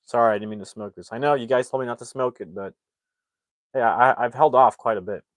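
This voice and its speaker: A man's voice: mid-range voice, fairly quick, dry recording. A man casually retelling a movie's plot on a livestream, rambling with many fillers and acting out the characters' lines. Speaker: movie recap streamer.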